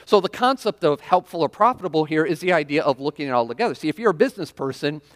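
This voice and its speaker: A man's voice: on the high side, expressive, quick pace. A man preaching a sermon in a church, talking casually and checking in with the congregation with frequent questions. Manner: conversational preaching with frequent "right?" and audience questions. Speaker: pastor. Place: church sanctuary. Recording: long reverb of a large hall.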